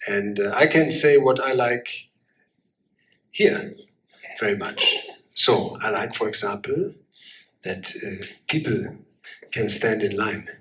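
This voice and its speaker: A man fields audience questions as an ambassador. He talks haltingly, with frequent fillers and repeated words. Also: mid-range voice, slight background noise, low-quality recording. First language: German. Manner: halting, many fillers and restarts. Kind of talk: answering audience questions at a panel.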